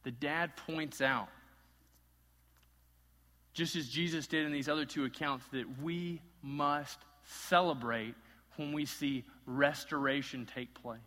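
Guy preaching a sermon, bright voice, big echoey church hall. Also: fairly high pitch. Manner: impassioned, swings from loud to hushed. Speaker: pastor.

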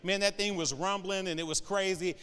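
A man in his forties delivers a humorous sermon with a high, bright voice. His tone is smooth and clear as he tells animated, joking stories and keeps checking in with "all right?" The sound carries a long reverb from a large hall. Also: a little fast.

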